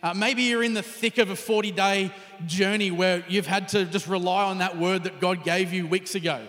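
A man with a high, light voice gives a relaxed, conversational sermon to a gathered congregation. His words ring with the long reverb of a church hall, and now and then he sinks to a hushed near whisper. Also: normal speed. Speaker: pastor.

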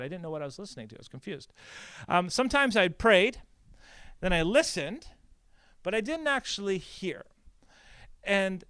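Clear and resonant, with no echo, a high male voice carries a pastor's breakout session at a conference. He keeps it lively and anecdotal, often tossing in "like" and "right?"

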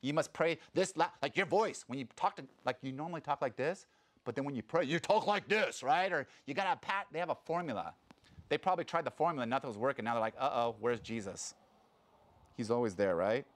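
A man giving a sermon as a pastor, talking casually and acting out quotes in a louder voice. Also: medium pitch, quick pace. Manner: conversational, animated preaching with sudden loud acted quotes.

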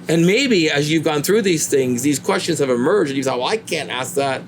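A man preaching a sermon in an earnest way, his voice rising high when he voices pleading questions to God. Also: animated, brisk, hardly any pauses, a little hiss or hum.

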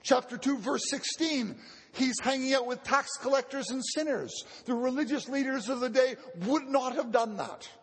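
A man with a very high, husky voice preaches a sermon, teaching earnestly and doubling back on his words as he goes. His voice rings out with a long hall reverb around it. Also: moderate pace, fairly bright tone. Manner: earnest teaching, often repeats words as he restarts. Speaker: pastor.

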